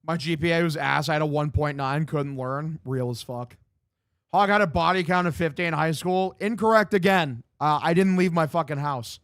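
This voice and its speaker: A man's voice: fairly high pitch, normal speed, a bit bright, dry recording. Young man on a live stream, dry close mic. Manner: loose, profane, reads chat aloud and answers. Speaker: streamer doing live play-by-play. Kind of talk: casual stream chat with play-by-play commentary. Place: home room.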